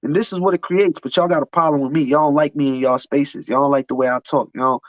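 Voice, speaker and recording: A man's voice: on the high side, steady tone, fast talker, no echo. Blunt, profane man with a raised voice. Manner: blunt, profane, heated storytelling. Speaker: podcast guest. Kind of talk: casual storytelling chat. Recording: dull, dry lo-fi sound.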